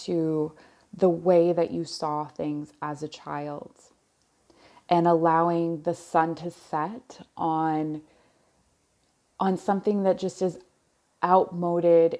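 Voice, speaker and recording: A woman giving a pick-a-card tarot reading, speaking slowly and softly with searching pauses, wearing headphones. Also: low-pitched. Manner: slow, soft-spoken, searching pauses. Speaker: tarot reader. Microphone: headphones on, close mic.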